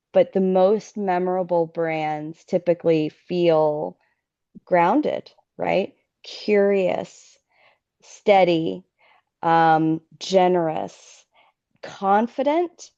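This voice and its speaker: A woman speaking as a brand strategist guest in a casual interview. She talks haltingly and repeats words while she thinks. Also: on the low side, dark tone. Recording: dull lo-fi audio.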